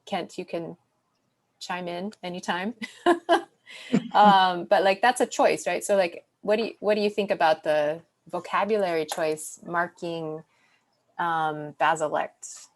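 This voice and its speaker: Female moderator, lower register, academic but casual, video-call sound. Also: measured pace. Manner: thoughtful, academic, uses "like" and "um" often. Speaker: discussion moderator. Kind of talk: casual panel discussion.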